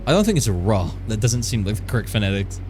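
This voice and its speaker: Male streamer, lowish voice, loose and rambling casual chat with viewers, light music underneath. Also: big pitch swings, quick pace. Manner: playful, rambling, chats with viewers. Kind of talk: casual live-stream chat while drawing.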